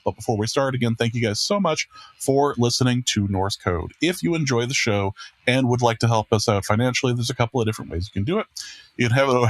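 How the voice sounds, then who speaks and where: A man's voice: mid-range voice, no room sound. A man hosting a casual podcast, self-deprecating and rambling with restarts. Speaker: podcast host and producer. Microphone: podcast microphone.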